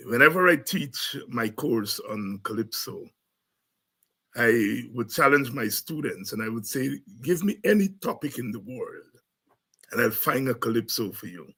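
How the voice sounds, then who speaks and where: Host: man, bright and forceful, slow unhurried delivery, exuberant. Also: mid-range voice, husky, poor audio. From Guyana. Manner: exuberant, breaks into shouts and scat. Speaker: show host and lecturer. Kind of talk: lively talk-show commentary.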